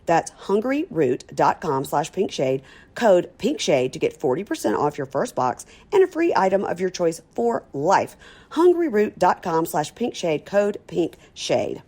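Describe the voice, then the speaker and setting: A woman's voice: lowish voice, big pitch swings, a little slow, dark tone. A middle-aged woman, hosting a podcast in a chatty, folksy way and reading ads. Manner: chatty, folksy, laughs easily. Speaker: podcast host. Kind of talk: casual chat and host-read ads.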